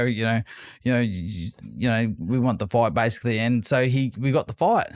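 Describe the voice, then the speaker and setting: A man's voice: medium pitch, a little fast, no room sound. A man from Australia, a former boxer, telling stories in a casual interview, repeating words and restarting often. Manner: rambling, repeats words and restarts, animated retelling. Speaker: guest, former boxing world champion.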